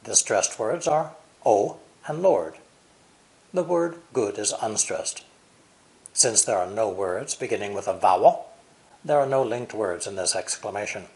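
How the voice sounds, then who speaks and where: An American man teaching English pronunciation, explaining clearly with deliberate, exaggerated stress. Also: fairly low pitch, expressive, a little mellow. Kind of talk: language lesson explanation.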